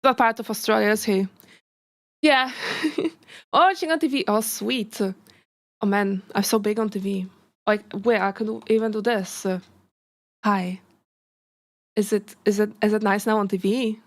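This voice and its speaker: A woman VTuber chatting casually on a reaction stream, giggly and rambling, often breaking off mid-sentence and bursting into excited remarks. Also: mid-range voice, normal speed, long pauses. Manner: giggly, rambling, self-interrupting; excitable outbursts.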